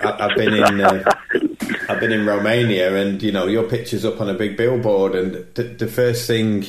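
A man with a fairly low voice talks in a relaxed, halting way as host. His voice echoes around the room, and there is clear background noise. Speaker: podcast host. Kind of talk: casual chat.

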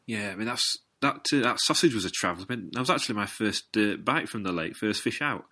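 A man's voice: lowish voice, animated, fast, bright, forceful tone. A Northern English man chatting casually about fishing, telling stories in a dry, understated way. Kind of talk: casual chat.

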